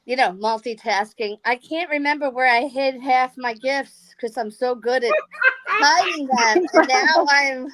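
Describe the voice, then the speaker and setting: A woman's voice: sits high, a little slow, fairly bright tone. A woman calling in to a livestream, chatting casually in a chatty way, laughing often and using fillers. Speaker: guest caller. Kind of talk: casual chat.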